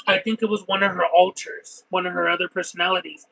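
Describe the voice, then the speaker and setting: This livestream host's voice is high-pitched and creaky, and he talks quickly. Between eating and reading chat, he rambles through expressive, detail-heavy stories in a casual way, all captured on a rough recording.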